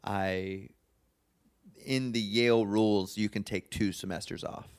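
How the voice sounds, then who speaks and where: A man, a guest singer, telling his story in a relaxed, casual way, often saying "like". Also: fairly low pitch, a little slow, smooth. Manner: relaxed, filler-heavy, says "like" often.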